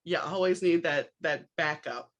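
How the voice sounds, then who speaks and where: This New Orleans podcast host talks a little slowly in a low-pitched voice, sharing casual anecdotes. Animated and wry, she plays out the dialogue and tosses in sardonic remarks.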